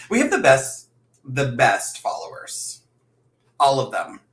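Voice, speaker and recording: A man's voice: medium pitch, huge pitch swings, takes it slowly, a bit bright. A man hosting a casual livestream chat, animatedly telling stories, acting out quotes and laughing often. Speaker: host. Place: room in a house. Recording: echoey room.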